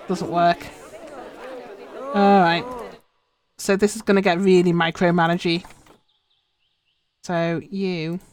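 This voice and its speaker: Chatty woman streaming a game. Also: medium pitch. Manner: chatty, muttering instructions to herself while playing. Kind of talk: casual live stream commentary.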